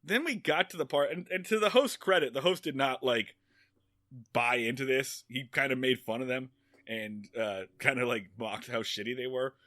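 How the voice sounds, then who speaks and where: Bright, animated man telling a story. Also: mid-range voice, normal speed, no echo, studio quality. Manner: animated rambling storytelling, swearing. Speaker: podcast co-host. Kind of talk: casual chat.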